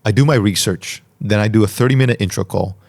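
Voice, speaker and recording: Man, podcast host, slightly low voice, deliberate, clearly articulated, solo Q&A talk. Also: darkish tone. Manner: deliberate, reflective, carefully articulated.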